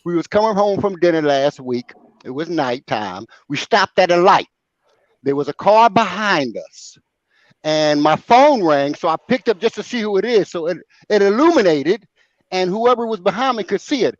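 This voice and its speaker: Older man, lively comic storyteller, very expressive, flat lo-fi sound. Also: high-pitched, moderate pace, no room sound. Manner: animated, bursts into laughter, acts out voices. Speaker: show host. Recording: dry, dull lo-fi sound.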